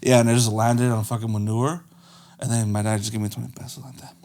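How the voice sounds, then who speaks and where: A man's voice: mid-range voice, fast. A man in his twenties chatting casually as a podcast guest, telling stories with lots of swearing and laughter. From Mexico. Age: 20s. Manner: laughing, profane, animated storytelling. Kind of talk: casual chat.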